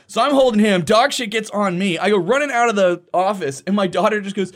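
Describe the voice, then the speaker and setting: A man in his thirties with a fairly high-pitched voice, chatting on a podcast. He tells his story casually and with lots of animation. He acts out the voices he quotes and swears without a second thought. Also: lively intonation, brisk, hardly any pauses, fairly bright tone. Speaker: podcast co-host. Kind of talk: casual storytelling among friends.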